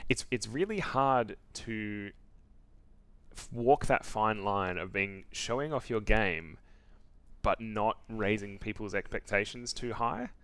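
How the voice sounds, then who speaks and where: A man co-hosting a casual games chat show, talking haltingly with restarts and frequent laughs. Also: lowish voice, fairly bright tone, clean tone, dry recording. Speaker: podcast co-host.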